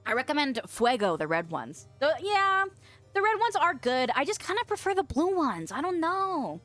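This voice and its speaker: A young woman from the western US chats loosely on a stream, reading out comments and cursing freely. Her voice sits a little high and swoops around with animated pitch. Soft music plays faintly underneath. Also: normal speed. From western United States. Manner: chatty, swears freely, laughs often. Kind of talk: casual chat reading viewer comments.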